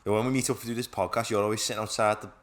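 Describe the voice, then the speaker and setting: A man's voice: lowish voice, flat delivery, racing. A young man with a Scouse accent, co-hosting a podcast in laddish, slangy banter and swearing freely. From Liverpool, England. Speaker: podcast co-host. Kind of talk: casual chat.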